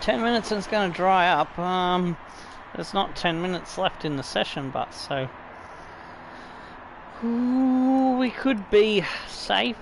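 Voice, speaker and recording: A man's voice: sits high, slow, vocal fry, noisy background. A man with an Australian accent commentating his own racing game play, swearing and bursting out at rivals. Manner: excitable, swearing, laughing outbursts. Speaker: gaming YouTuber.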